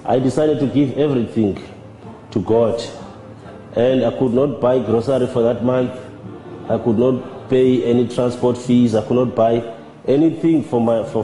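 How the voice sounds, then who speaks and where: A man giving a measured, halting personal testimony as a church member. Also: medium pitch, mellow, a little hiss or hum. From South Africa. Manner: measured, halting, with repeated words. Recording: roomy with long reverb and faint music.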